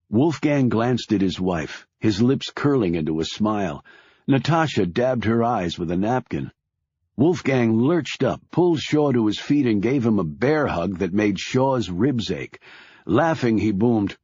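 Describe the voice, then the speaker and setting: A man narrating a thriller audiobook in a measured storytelling way. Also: lowish voice, animated, darkish tone, husky, dry recording, highs cut off.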